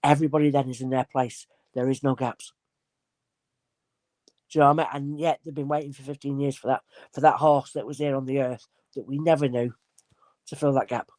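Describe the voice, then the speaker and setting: A woman with a very deep voice talks fairly quickly, pausing often, with no room sound. A guest spirit medium, she tells casual, animated stories, acting out the voices within them.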